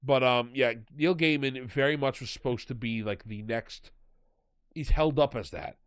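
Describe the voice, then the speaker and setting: A man co-hosting a podcast in casual chat, ranting in an animated, exasperated way. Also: mid-range voice, normal speed, smooth, no room sound. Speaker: podcast co-host.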